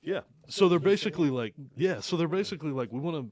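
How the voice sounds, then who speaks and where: This archery shop owner, appearing as an interview guest, has a fairly high, darkish voice and talks fast and expressively, recorded dry. Relaxed and quick to laugh, he tells a story casually and performs the words of whoever he's quoting.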